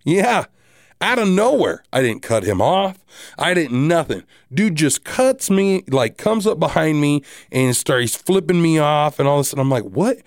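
A married man hosting a podcast, telling a story casually in a rambling, animated way with many restarts and asides. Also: fairly high pitch, measured pace, dry recording, studio quality. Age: adult, married. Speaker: podcast host.

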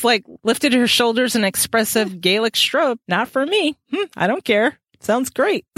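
Animated woman reading aloud and quipping. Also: mid-range voice, no echo. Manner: animated, laughs often, reads aloud and quips. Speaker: podcast host. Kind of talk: casual book-club chat, reading passages aloud.

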